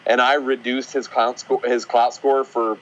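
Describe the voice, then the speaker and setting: A man's voice: mid-range voice, flat delivery, measured pace, highs cut off. A man co-hosting a casual podcast, ranting in a sarcastic, opinionated way. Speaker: podcast co-host.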